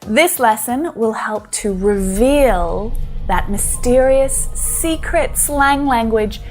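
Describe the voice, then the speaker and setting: Woman, Australian accent, English teacher, friendly and explanatory, slightly high voice, soft music underneath. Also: lively intonation, slow pace. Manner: friendly, explanatory, laughs now and then. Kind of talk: YouTube English lesson.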